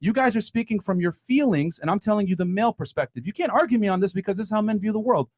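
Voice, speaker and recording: Man, podcast host, high lively voice, fast, blunt, swears a lot, dry sound. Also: dry recording. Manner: blunt, profane, talks over others. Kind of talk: heated panel debate.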